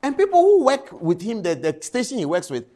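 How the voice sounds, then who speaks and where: Indignant woman with a lively voice. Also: on the high side, brisk. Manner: indignant, addressing people directly. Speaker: commentator. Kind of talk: political commentary clip.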